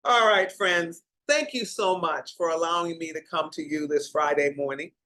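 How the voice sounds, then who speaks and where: A woman's voice: sits low, normal speed, pushed and bright, rough recording. An older woman hosting a heartfelt talk show, speaking in an emotional way and stretching out her words. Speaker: host.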